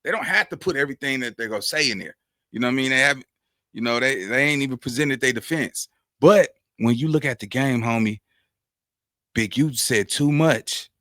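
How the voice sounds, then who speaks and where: A man's voice: fairly quick, fairly bright tone, no echo, clean studio sound. A man hosting a casual reaction commentary, talking in loose street slang with constant "you know what I'm saying" and a preachy, rambling delivery. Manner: preachy, drifting from high to low pitch. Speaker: commentary host.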